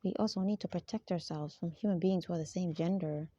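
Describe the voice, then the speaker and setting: A woman who vlogs about spirituality talks fast in a lowish, mellow voice, rambling on and repeatedly asking listeners to agree, with laughter between her points. There is no echo, and the recording sounds dull, dry and lo-fi.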